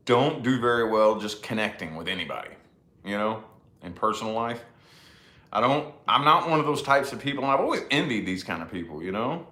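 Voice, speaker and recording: A man's voice: medium pitch, sharp tone. Profane, self-deprecating man in an echoey room. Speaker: vlogger. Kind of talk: casual rambling monologue.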